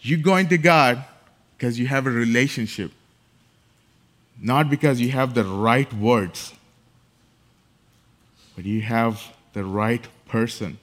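A man's voice: medium pitch, fairly even intonation, slow, long pauses. Man preaching an emphatic sermon. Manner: emphatic, repeats key phrases and builds in force. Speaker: pastor.

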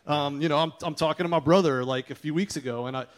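High-voiced man telling a church testimony. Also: fast talker. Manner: animated storytelling, acting out what others said. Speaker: church planter. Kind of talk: testimony shared with a congregation. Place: church service.

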